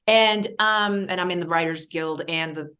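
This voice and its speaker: A woman, a guest performer in a casual interview, talking in an animated, digressive way with many restarts and asides. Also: fairly low pitch, normal speed. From New York, born in Baltimore.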